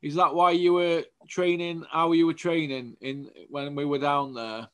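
A man's voice: fairly high pitch, fairly even intonation, unhurried, smooth. A man hosting his channel, asking a boxer loose, informal questions. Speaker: interviewer, channel host. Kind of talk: casual interview.

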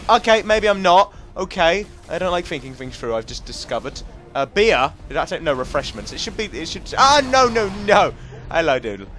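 A young English gaming commentator with a high-pitched, fairly bright voice gives jokey, chatty let's-play commentary over a video game, talking to the enemies on screen.

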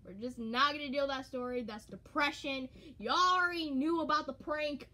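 High-voiced and sharp-toned at a moderate pace, the young woman reads an old story of hers aloud for her YouTube audience on a handheld camera. Along the way she curses, laughs and pokes fun at herself in comedic asides.

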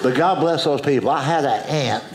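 A man doing a stand-up comedy set on a theater stage, a drawling storyteller who jumps high into put-on voices. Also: a little fast, a little hiss or hum. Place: theater stage with audience laughing. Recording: roomy live venue with loud audience.

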